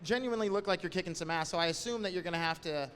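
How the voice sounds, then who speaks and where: A man's voice: high-pitched, very fast, fairly bright tone, slight background noise. A male interview host chatting with guests in a playful, teasing way. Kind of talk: casual interview chat. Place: convention event hall. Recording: reverberant hall with faint crowd ambience.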